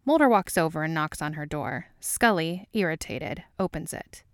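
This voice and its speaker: A woman reading a fan fiction story aloud with wry, even storytelling. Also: low-pitched, moderate pace, no room sound, studio quality. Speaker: audiobook reader.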